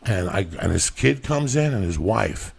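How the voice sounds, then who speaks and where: A man in his fifties, a comedian telling stories as a podcast guest, with a raspy voice, heavy cursing and explosive rants. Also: on the low side, expressive, moderate pace. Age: 50s. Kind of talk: profane storytelling rant.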